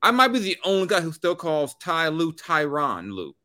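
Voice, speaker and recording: Rambling, animated sports talk man. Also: on the high side, normal speed, no echo, studio quality. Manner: rambling, animated, many restarts. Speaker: sports radio co-host.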